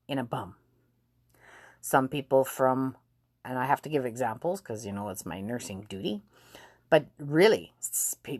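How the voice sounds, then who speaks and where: A woman's voice: sits low, no echo, studio quality. A woman in her forties, a nurse and vlogger, talking candidly and emotionally, swearing freely and often laughing. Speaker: nurse and self-help vlogger. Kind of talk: candid motivational vlog talk.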